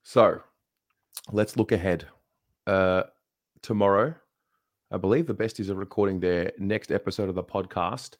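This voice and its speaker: A man co-hosting a football fan show, relaxed and calm as he steers it along and reads out announcements. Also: deep voice, normal speed, long pauses, no room sound, studio quality. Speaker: co-host. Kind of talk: casual show chat and announcements.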